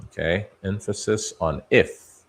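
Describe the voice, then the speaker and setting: A man's voice: low-pitched, unhurried. A man hosting a live day-trading stream, giving running market commentary and talking to the stocks on his watchlist as if they were people. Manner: talks to stocks like people, musing and bantering.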